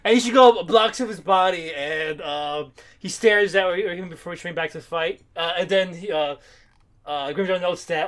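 A man co-hosting a casual podcast chat, talking eagerly but haltingly with lots of "uh" fillers and restarts. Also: high voice, fairly bright tone. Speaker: podcast co-host.

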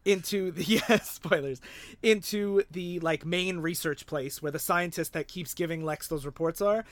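A man in a casual podcast chat walks through a comic's plot, slipping into quoted lines and laughing along. His voice sits a little high and sounds dry and close. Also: normal speed, no room sound.

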